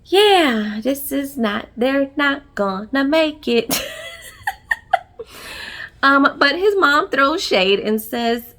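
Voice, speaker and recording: A woman's voice: high voice, lively intonation, extremely slow, long pauses, a bit bright. Sassy chatty woman recapping a show. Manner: sassy, chatty, laughs often. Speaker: TV reality show reviewer. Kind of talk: casual recap commentary.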